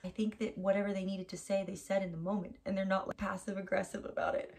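American woman, thirties, casual vlog storytelling, gravelly fry in the voice. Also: mid-range voice, flat delivery, quick pace, few pauses, a little mellow, slight background noise. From United States. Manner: chatty storytelling, lots of "like". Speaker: vlogger. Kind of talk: casual travel vlog chat.

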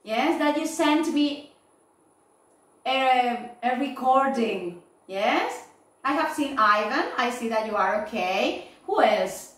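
Woman, English teacher, slow careful feedback, frequent "okay?" checks, roomy echo. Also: high voice, lively intonation, fairly bright tone, distant mic. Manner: slow, repeating "yes?" and "okay?" to check understanding. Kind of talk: online class feedback.

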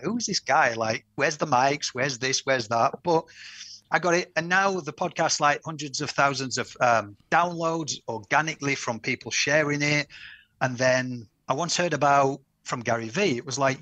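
Husky, bright-toned energetic male guest. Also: mid-range voice, dry recording. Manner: enthusiastic, rambling storyteller. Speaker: podcast guest, campaign founder. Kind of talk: casual interview chat.

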